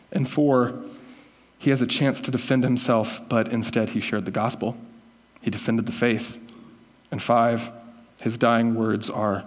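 A man's voice: mid-range voice, steady tone, unhurried, in a large hall. A man preaching a conversational sermon as a pastor, correcting himself and teasing listeners by name.

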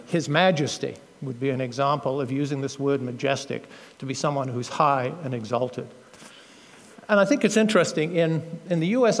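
A man's voice: a little high, big-room sound. A middle-aged British-born man giving a sermon, explaining scripture earnestly with fillers and self-corrections. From Britain. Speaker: preacher. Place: church.

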